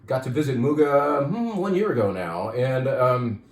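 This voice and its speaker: A man's voice: medium pitch, animated, normal speed. Wine shop guy rambling about his events, a bit out of breath, echoey room. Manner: chatty, enthusiastic, rambling with restarts. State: out of breath, dry throat. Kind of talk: casual promotional talk.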